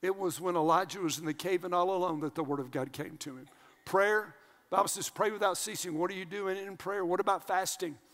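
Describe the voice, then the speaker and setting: An older male pastor preaches an energetic sermon in a high, brisk voice. He alternates between loud shouting and quiet asides, and the sound carries the long reverb of a big church hall.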